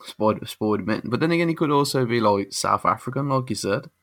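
A man's voice: mid-range voice, animated, quick pace, a bit bright, no room sound. A young man co-hosting a podcast, laid-back and making dry jokes. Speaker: podcast co-host. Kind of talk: casual podcast chat.

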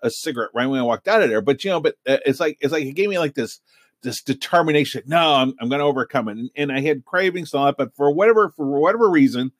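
A man's voice: medium pitch, dry recording. Middle-aged male storyteller, casual and rambling, mid-range voice, dry recording. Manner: rambling, many fillers and restarts. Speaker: hypnotist and podcast host.

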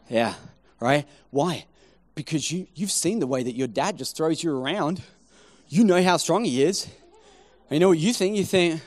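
A male preacher telling a story mid-sermon with humor and lively energy. His voice sits high and conversational, drawing listeners in. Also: normal speed, long pauses.

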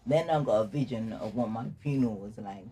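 A man's voice: fairly low pitch, fairly quick. Young guy telling his story, candid, laughs thru the heavy stuff, bit of background noise. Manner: candid, laughs through dark memories. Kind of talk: casual personal storytelling.

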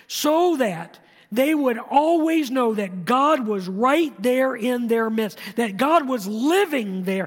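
High-voiced pastor preaching in a reverberant hall. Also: male voice, a bit bright. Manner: emphatic, leads congregation in call-and-response. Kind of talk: sermon. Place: church sanctuary. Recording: long reverb of a church hall.

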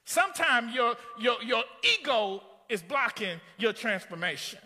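A high-voiced male preacher with a very bright, piercing tone tells a story from the pulpit and climbs into shouts. His voice rings out with a long hall reverb in a church sanctuary. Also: sing-song, a little slow. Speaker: pastor. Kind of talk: sermon.

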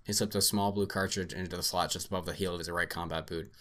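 Low-voiced podcast guy reading a story out loud, swears a lot, laughs easy. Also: steady tone, fast. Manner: casual, profane, laughs easily. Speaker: podcast host. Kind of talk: reading a story aloud, then casual chat.

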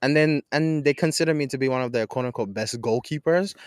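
A young man from Jamaica telling a casual story in a slangy, animated way, swinging between laughing and hushed tones. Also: mid-range voice, fast talker, clean tone, dry recording, studio quality.

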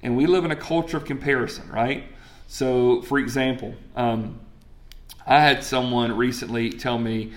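A man's voice: mid-range voice, fairly even intonation, normal speed. A man, preaching a sermon in a conversational way and asking the crowd questions. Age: 40s. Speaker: pastor.

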